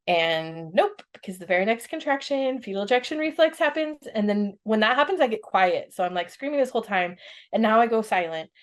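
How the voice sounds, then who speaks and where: A woman in her thirties telling a personal story as a podcast guest, animated and laughing often as she acts out the voices of others. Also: medium pitch.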